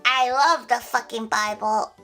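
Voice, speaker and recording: A woman's voice: on the high side, steady tone, unhurried, pushed and bright, soft background music. A young woman livestreaming, chatting casually with viewers in a playful, giggly, chaotic way with crude jokes.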